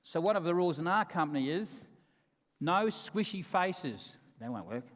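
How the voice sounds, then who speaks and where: A man giving a conference keynote, with emphatic, humorous storytelling and sudden drops into quiet asides. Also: on the high side, expressive, rapid-fire. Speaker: keynote speaker. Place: large conference hall. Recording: reverberant hall.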